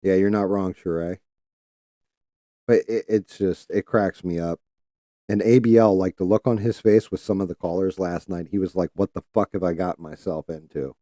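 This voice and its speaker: Profane ranting man, dark low voice. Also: fairly even intonation, moderate pace, no echo, clean studio sound. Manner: profane, heated, mocking quoted callers. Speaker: livestream host. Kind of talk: casual ranting chat. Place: home streaming setup.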